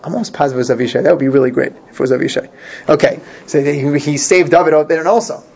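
A man's voice: fairly high pitch, fairly even intonation, rapid-fire, vocal fry, darkish tone. A man teaching an informal Talmud class, thinking aloud with frequent restarts and rhetorical questions. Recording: dull lo-fi class recording with faint noise.

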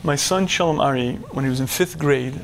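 A middle-aged man giving a religious lecture to men, animated, dropping to a hush and then shouting as he acts out inner voices. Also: on the high side, fairly quick, a little hiss or hum. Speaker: religious teacher. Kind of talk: lecture to a men's audience.

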